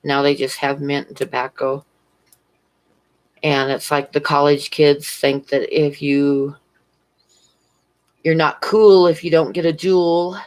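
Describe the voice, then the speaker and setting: With a deep, slightly mellow voice and a flat delivery, she speaks slowly and leaves long pauses, and the audio is poor. The convenience store clerk is live streaming casually from home by a fish tank, rambling through stories and laughing often.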